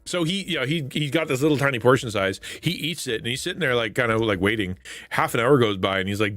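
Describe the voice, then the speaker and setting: A man's voice: mid-range voice, lively intonation, fast talker, a bit bright, no echo, clean studio sound, soft background music. A man hosting a live stream, chatting casually with viewers and retelling funny stories, laughing often, with a stuffy nose. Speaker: livestream host.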